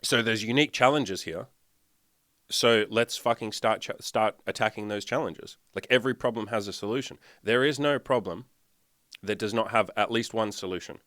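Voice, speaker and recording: A man's voice: lowish voice, moderate pace, a bit bright, no room sound, clean studio sound. Blunt, profane man coaching. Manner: blunt, swearing constantly, fired up. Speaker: dating and life coach. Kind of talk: profane motivational rant. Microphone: desktop mic, sharing screen.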